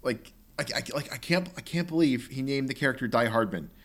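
A young man co-hosting a casual podcast, talking about a video game in an animated, rambling way with lots of filler and quick quoted bits. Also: medium pitch. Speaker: podcast co-host.

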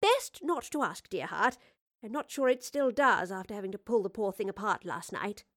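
A woman voicing a kindly, careful professor and inventor who speaks gently, politely and without hurry. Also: medium pitch, lively intonation, moderate pace, natural voice. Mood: gentle.

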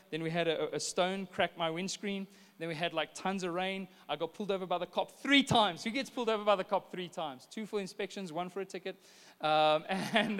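High-voiced pastor, chatty. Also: male voice, fairly bright tone, clear, resonant tone. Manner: chatty storytelling with frequent restarts. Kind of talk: conversational sermon. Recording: long reverb of a church hall.

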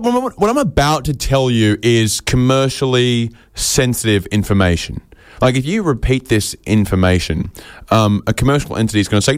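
Deadpan, rambling man, dry and close. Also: fairly low pitch, normal speed, dry recording. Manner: rambling, deadpan, self-interrupting. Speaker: stand-up comedian. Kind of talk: absurdist stand-up set.

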